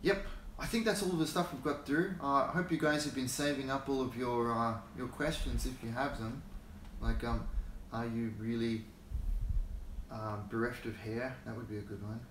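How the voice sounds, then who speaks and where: A man's voice: medium pitch, steady tone, normal speed, fairly bright tone, reverberant, a little hiss or hum. An Australian man hosting a casual livestream, rambling and chuckling as he greets viewers by name, talking into a phone held in his hand. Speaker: hobby channel host.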